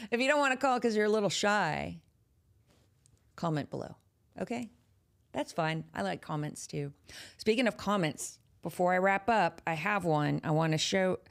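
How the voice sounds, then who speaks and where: A woman with a Texas drawl chats loosely through a live horror podcast, teasing her listeners as she goes. Her voice sits a little low and carries a gravelly edge. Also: expressive, measured pace, pauses often. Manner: chatty and playful, teasing the audience. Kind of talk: casual live podcast chat.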